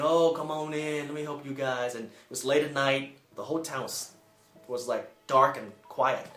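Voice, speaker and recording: A young man who served as a Peace Corps volunteer tells a personal story to camera in an earnest, emotional way, jumping up in pitch to act out the people he quotes. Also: bright, forceful tone, roomy sound.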